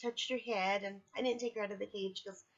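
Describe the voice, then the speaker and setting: A woman's voice: medium pitch, steady tone, fairly quick, dull audio. A woman casually talking through a personal video diary at home, candid and chatty, still sore from surgery. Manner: chatty, candid, apologetic asides. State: recovering from surgery, in pain. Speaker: vlogger. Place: at home, indoors.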